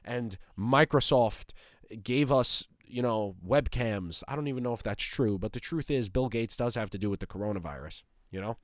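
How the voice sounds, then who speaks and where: A man's voice: mid-range voice, moderate pace, no room sound, studio quality. A young man ranting in a profane, exasperated monologue as a podcast host.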